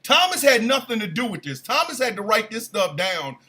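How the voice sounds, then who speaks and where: A man hosting a morning show, telling a comic story in a casual, animated way with loud bursts of disbelief. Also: high-pitched, brisk.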